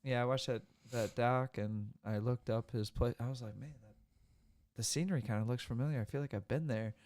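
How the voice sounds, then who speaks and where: A man from Michigan with a Michigan accent, chatting casually on a podcast, talking fast and laughing often. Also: medium pitch, fairly even intonation, darkish tone. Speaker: podcast co-host. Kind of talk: casual chat. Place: studio.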